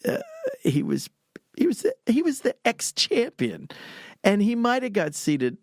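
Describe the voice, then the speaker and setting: A man's voice: extremely high pitch, huge pitch swings, a little slow, vocal fry, dry recording, studio quality. A man in his sixties from Pennsylvania, a podcast guest telling rambling anecdotes with frequent chuckles. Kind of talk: casual storytelling.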